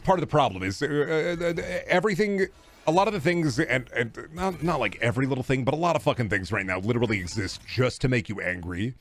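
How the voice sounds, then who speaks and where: A male streamer ranting casually, profane, rambling and self-mocking. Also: mid-range voice. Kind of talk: casual comedic rant on stream.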